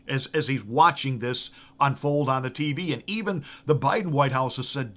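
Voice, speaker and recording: Casting note: middle-aged male pastor, mid-pitched voice, emphatic commentary built on rhetorical questions, frequent restarts. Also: a little fast, few pauses, fairly bright tone. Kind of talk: political commentary monologue.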